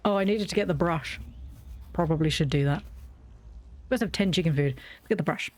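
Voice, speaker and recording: Here the British woman speaks at a normal speed in a lowish, slightly mellow voice. As a YouTuber playing a game, she keeps up casual commentary full of blunt ranting and free swearing.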